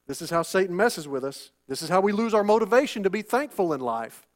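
A man's voice: high-pitched, sing-song, fast. A male pastor preaching a sermon, asking rhetorical questions and repeating phrases for emphasis. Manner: rhetorical questions, call-and-response "Amen?".

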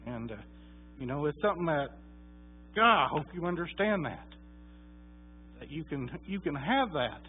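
A man's voice: a little high, animated, normal speed, long pauses, a little hiss or hum. A man preaching a sermon, telling a story in a folksy, conversational way with many fillers. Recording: tinny phone-like sound.

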